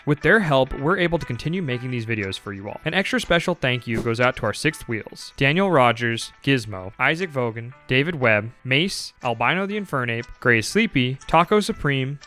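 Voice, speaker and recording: Man narrating a game playthrough, lively. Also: medium pitch. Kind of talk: scripted narration.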